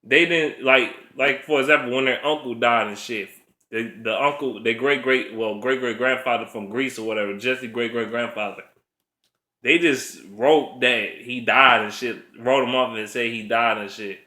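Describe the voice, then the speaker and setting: A man goes off in a blunt, profane casual rant, breaking into laughs as he vents. His voice is bright and cutting and bounces around a roomy, echoing space. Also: medium pitch, normal speed. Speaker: vlogger. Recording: roomy echo.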